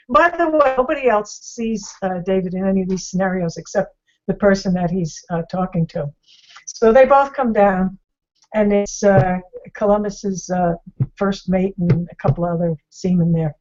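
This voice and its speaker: A woman's voice: mid-range voice, moderate pace, highs cut off. Woman retelling a story with fillers. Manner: rambling, with many fillers and restarts. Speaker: discussion host. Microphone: video call.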